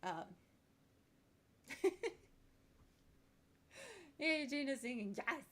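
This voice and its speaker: A Swedish woman with a Swedish accent, a VTuber, streams a game and chats frankly, laughing between remarks. Her high, slightly bright voice has lively intonation and she takes things slowly.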